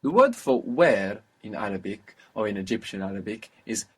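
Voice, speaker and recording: A man's voice: lowish voice, lively intonation, moderate pace, breathy edge. A man teaching a language lesson, patiently prompting his student with questions and repeating the answers.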